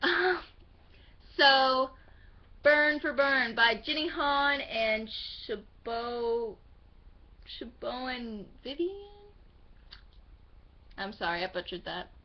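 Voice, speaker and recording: A young woman gushes over her new books in a casual home vlog, her voice high and bubbling with excitement. She rambles happily and drops the occasional swear. The recording sounds slightly dull and lo-fi. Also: slow pace, pauses often. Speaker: book vlogger. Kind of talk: casual book haul chat.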